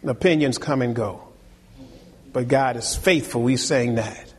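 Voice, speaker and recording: A middle-aged man preaching a sermon as pastor, animated and teasing, calling on the congregation for amen. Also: medium pitch, measured pace, slightly rough. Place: church sanctuary. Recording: long reverb of a hall.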